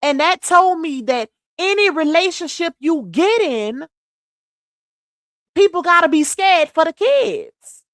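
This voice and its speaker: A high-voiced woman from Louisiana hosts a casual livestream, her pitch swinging widely as she talks bluntly to her viewers. The sound is close and dry. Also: big pitch swings, slow pace, fairly bright tone, dry recording. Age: adult mother. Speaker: livestream host.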